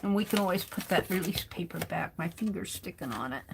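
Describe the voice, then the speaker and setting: A woman's voice: on the low side, expressive, fairly quick, gravelly, heavy background noise. An American woman hosting a craft livestream, chatting to herself and viewers as she works with her hands, now and then moving away from the mic. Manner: chatty, talks to herself while working.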